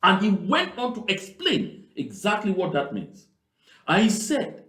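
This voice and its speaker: A man's voice: high-pitched, wildly swooping pitch, unhurried, a bit bright. A man from Southern Cameroons, giving emphatic political commentary on played clips and repeating key phrases. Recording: roomy echo.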